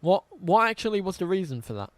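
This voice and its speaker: A man's voice: high voice, big pitch swings, fast talker, dry recording. A man streaming a dinosaur game, chatting casually with viewers, reading out chat and swearing often.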